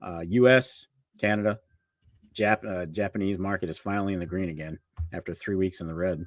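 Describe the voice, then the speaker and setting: Chatty low-voiced man hosting a livestream. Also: fairly even intonation, no room sound, clean studio sound. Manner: chatty, reads market prices off quickly. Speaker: co-host of a livestream show. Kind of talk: casual livestream chat.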